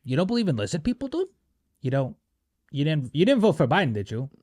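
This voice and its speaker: A man's voice: fairly high pitch, very animated, fast, darkish tone, no room sound, clean studio sound. A man voicing a drunk, conspiracy-minded uncle at a barbecue, badgering and slurring.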